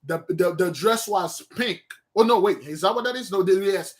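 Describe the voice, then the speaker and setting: A man's voice: high-pitched, moderate pace, soft background music. A man leading an informal study session, reading a text aloud and explaining it in a rambling, self-correcting way. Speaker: study host.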